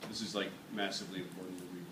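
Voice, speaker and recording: A joking male physics teacher demonstrates to his class, voice caught from across an echoey room. Steady noise sits under him. He talks at an average pitch. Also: racing. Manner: playful, jokey, energetic demonstrator. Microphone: camera at a distance. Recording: echoey classroom from far off, noisy.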